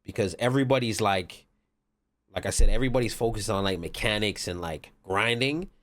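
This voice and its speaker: A man's voice: on the low side, brisk, a bit bright. Rambling man telling a gaming story. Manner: rambling, lots of "like" and "whatever". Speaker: podcast guest. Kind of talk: casual storytelling chat.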